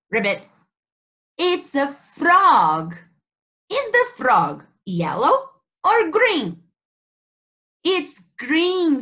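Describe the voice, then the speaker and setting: Slow sing-song Brazilian woman teacher. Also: sits high, a bit bright. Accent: Brazilian Portuguese. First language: Portuguese. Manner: slow, exaggerated sing-song questioning for kids. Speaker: English teacher. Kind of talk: children's story time lesson.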